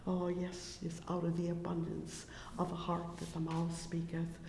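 A preacher delivering a sermon, reading scripture in old King James wording and filling the pauses with "oh, yes" and "praise the Lord.". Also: mid-range voice, monotone, creaky, darkish tone, echoey room, long reverb tail, slight background noise.

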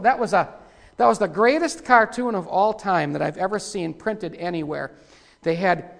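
In a high, gravelly voice edged with vocal fry, a preacher gives a rough, folksy sermon that erupts in sudden loud bursts. A long hall reverb trails behind everything he says.

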